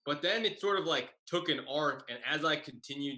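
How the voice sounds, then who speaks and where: Bright-voiced man telling a story. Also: fairly high pitch, moderate pace, low-quality recording. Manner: rambling, filler-heavy storytelling. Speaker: comedian. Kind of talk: storytelling stand-up over video call. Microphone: video call.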